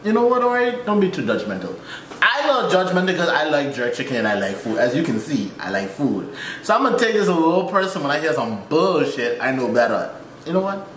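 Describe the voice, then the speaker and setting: A man with a Jamaican accent hosting a reaction video, ranting with exclamations and sudden jumps in pitch. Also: sing-song, brisk, a bit bright, slight background noise. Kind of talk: animated reaction commentary. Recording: echoey room.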